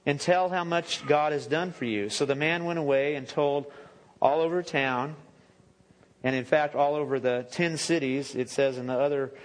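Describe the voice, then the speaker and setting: A man's voice: on the high side, normal speed. A man preaching a sermon as pastor, speaking conversationally with joking asides and self-corrections. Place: church sanctuary. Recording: echoey church hall with long reverb.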